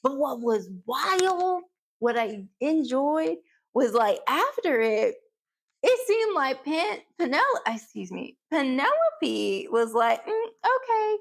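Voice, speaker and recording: A woman chatting casually through a TV episode review, animated, with big jumps in pitch when she quotes characters. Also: takes it slowly, gravelly. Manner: talks straight to her pets between points.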